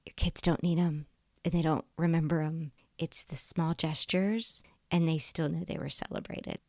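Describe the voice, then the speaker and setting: A woman's voice: low voice, flat delivery, moderate pace, darkish tone, no echo, clean studio sound. A middle-aged woman hosting a podcast, telling a personal story in a heartfelt, confiding way. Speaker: podcast host.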